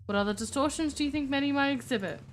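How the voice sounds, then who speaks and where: A woman voicing a calm, formal old mentor, speaking in a measured, soft-spoken way. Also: sits high, faint music behind, pitched above the performer's own voice, natural voice.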